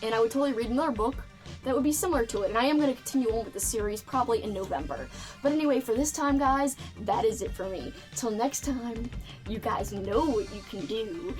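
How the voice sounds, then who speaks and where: A woman's voice: fairly high pitch, fast, music in the background. A woman book vlogger chatting casually to camera, bubbly and full of "like" fillers.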